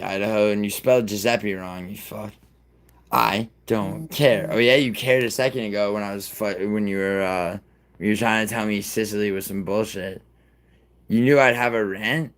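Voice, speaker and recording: A man from New York hosting a live stream, ranting casually and profanely at his chat in a rambling, combative way. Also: fairly low pitch. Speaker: livestream host.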